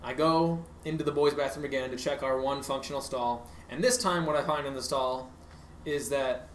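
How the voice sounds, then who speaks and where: A man's voice: medium pitch, normal speed. A young man co-hosting a podcast, telling a long story casually, full of fillers, and laughing through his own story. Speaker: podcast co-host. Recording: echoey room with faint hiss.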